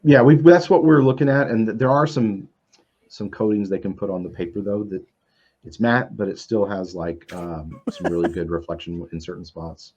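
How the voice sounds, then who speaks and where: A man's voice: lowish voice, fairly even intonation, normal speed, darkish tone. Sex: man. Role: publisher guest on a stream panel. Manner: hesitant, restarts often. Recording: dull lo-fi video call audio. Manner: hesitant, many fillers, self-interrupting. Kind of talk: casual panel chat on a livestream.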